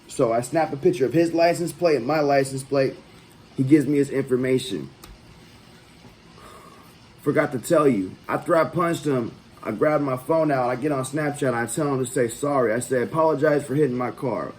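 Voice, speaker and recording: A man's voice: medium pitch, moderate pace, darkish tone, slight background noise, poor audio. A man hosting his own channel, telling a personal story in a loose, profane, conversational way. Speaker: vlog host. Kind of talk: casual storytelling.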